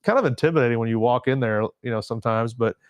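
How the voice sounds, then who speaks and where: Veteran guy in his 40s rambling thru his story, smooth clear voice, dry close mic. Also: mid-range voice, fast, no echo, dull audio. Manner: rambling, many restarts and fillers. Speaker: podcast guest, Marine veteran. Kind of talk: casual storytelling interview. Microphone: desk podcast mic.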